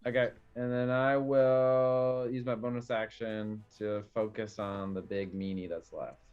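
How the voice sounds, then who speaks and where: A man's voice: medium pitch, little pitch movement, a little slow, smooth, lo-fi sound. A man playing a tabletop game, casually describing his attacks. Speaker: player. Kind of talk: tabletop gaming chat.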